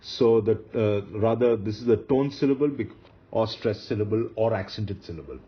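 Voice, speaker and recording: A man teaching grammar rules in a slide-based lecture, speaking slowly and repeating the key rules for emphasis. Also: fairly low pitch, muffled recording.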